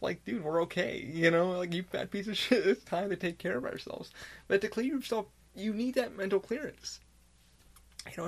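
Gravelly-voiced man rambling candidly. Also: a little high. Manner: candid, rambling, swears often, laughs now and then. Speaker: podcast host. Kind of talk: casual solo podcast monologue.

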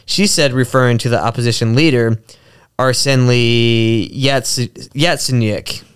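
A man hosting a laid-back podcast with a smooth, clear voice at a middle pitch. He reads from his notes, stumbling over foreign names and shrugging them off as he goes. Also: unhurried. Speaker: podcast host. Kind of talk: casual podcast chat, reading notes.

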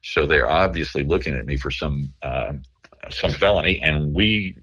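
A man speaking as a guest journalist over the phone, tired from lack of sleep, talking haltingly with many restarts. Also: extremely low pitch, a bit bright, slightly rough, dull audio. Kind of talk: phone interview.

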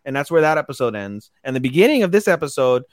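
A man co-hosting an anime podcast, casually recapping episodes in a profane, animated way and acting out the characters' lines. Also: medium pitch, fast talker, no echo, studio quality. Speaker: podcast co-host.

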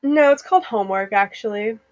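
A woman's voice: mid-range voice, brisk, darkish tone, no room sound, highs cut off. A young woman, co-hosting a casual podcast chat, bubbly and giggly. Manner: bubbly, giggly, slips into joke accents. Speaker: podcast co-host.

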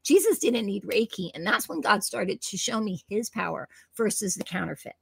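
Gravelly-voiced woman telling lively stories. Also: mid-range voice, moderate pace, dry recording. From New Jersey. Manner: animated, acts out quoted voices. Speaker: guest. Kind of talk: storytelling in a conversation.

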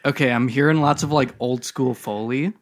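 A man co-hosting a podcast in casual chat, teasing his partner with deadpan quips. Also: mid-range voice, normal speed. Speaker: podcast co-host. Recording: loud background noise with clicks.

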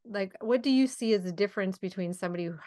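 A female podcast host with a medium-pitched, dark-toned voice speaks rapid-fire during an interview conversation. She affirms her guest and asks reflective questions.

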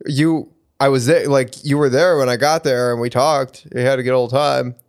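A man's voice: mid-range voice, fairly even intonation, normal speed, clean tone. A man in a casual chat with a friend, joking around and swearing casually.

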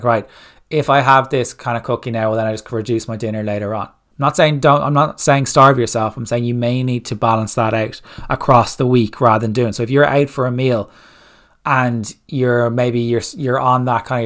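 Man, podcast fitness coach, direct blunt delivery, rhetorical questions, mid-range voice. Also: mid-range voice. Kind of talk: solo podcast advice talk.

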